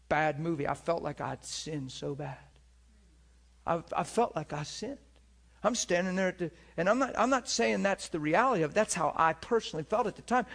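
A man's voice: a little high, vocal fry. A middle-aged man preaching a storytelling sermon, acting out voices and crying out in places. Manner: animated, acts out voices and cries out.

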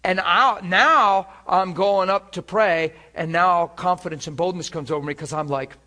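Preacher, male, high voice, animated testimony sermon, drops to a hush then swells loud, chuckles through it. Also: normal speed. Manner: animated storytelling, swings between hushed and loud; chuckles often while speaking.

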